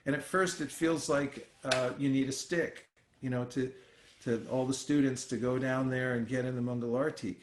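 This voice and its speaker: A man's voice: mid-range voice, normal speed, background noise. A man teaching scripture in an echoey room. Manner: relaxed and conversational, with frequent fillers and restarts. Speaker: spiritual teacher leading a scripture class. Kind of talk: informal scripture class with storytelling. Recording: roomy echoey sound.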